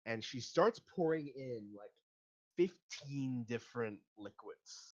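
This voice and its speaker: A man narrating as game master of a tabletop game, relaxed and hesitant, with many fillers. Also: medium pitch, slow, dull audio.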